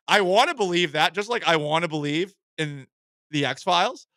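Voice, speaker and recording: A man hosting a sports radio show, animated and jokey, reading listener comments aloud in casual chat. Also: a little high, moderate pace, dry recording, studio quality.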